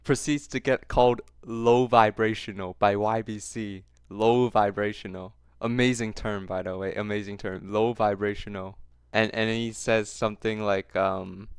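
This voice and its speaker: Mocking man with a smooth, dry voice. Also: on the low side, steady tone, moderate pace, no room sound. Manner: mocking, laughs often, repeats phrases for effect. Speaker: commentary host. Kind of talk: reaction commentary.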